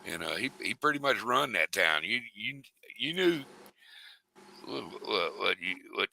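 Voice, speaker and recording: Lively drawling storyteller man. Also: lowish voice, a little slow, gravelly, low-quality recording. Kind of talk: casual storytelling chat.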